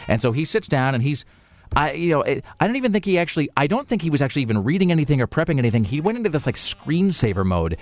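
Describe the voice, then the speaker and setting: Fast-talking man telling a rambling story. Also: fairly high pitch, big pitch swings, a little mellow. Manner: rambling with many restarts and fillers. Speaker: radio show host. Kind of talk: casual storytelling on air. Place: radio studio.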